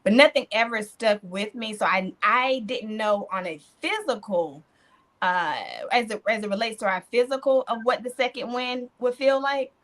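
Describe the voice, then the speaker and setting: A woman hosting a podcast, telling stories in an animated way with churchy affirmations. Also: on the high side, normal speed. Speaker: podcast host. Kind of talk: casual podcast chat.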